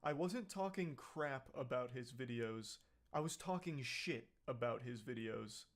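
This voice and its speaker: A man's voice: mid-range voice, animated, measured pace. A man giving sarcastic, mocking reaction commentary on a video clip. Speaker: commentary YouTuber.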